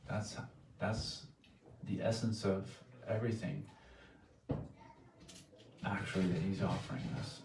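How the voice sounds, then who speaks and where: A man with a deep, fairly even voice speaks earnestly and softly in a temple hall, often pausing and restarting his thoughts. He is picked up from a distance, so the room echoes around him. A faint noise sits under the recording. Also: creaky. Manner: earnest, soft-spoken, halting with restarts. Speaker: devotee giving a spoken offering. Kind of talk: heartfelt devotional sharing.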